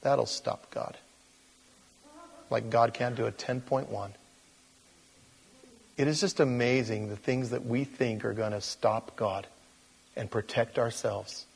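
A man preaching a sermon as pastor, talking conversationally and building up to loud, animated storytelling. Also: mid-range voice, slow pace, creaky, pauses often, slightly rough, big-room sound.

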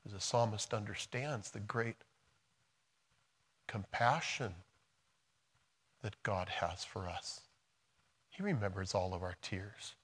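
A middle-aged American man preaching a sermon, moving between quiet, soft passages and loud, emphatic storytelling. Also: on the low side, takes it slowly, long pauses, slightly rough. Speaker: pastor.

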